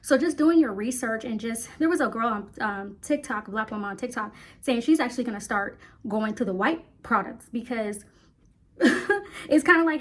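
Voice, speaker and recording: A young woman talking fast and a little out of breath, chatting casually to her viewers about hair care. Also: a little high. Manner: chatty, rambling, talks fast, addresses viewers as y'all. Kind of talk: casual chat to camera.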